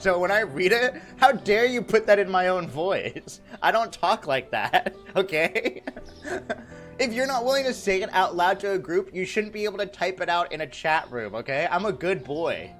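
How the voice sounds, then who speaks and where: A man's voice: sits high, very animated, moderate pace, fairly bright tone, soft background music. A man streaming live, chatting casually and reading out viewer messages, laughing often and teasing himself and his chat.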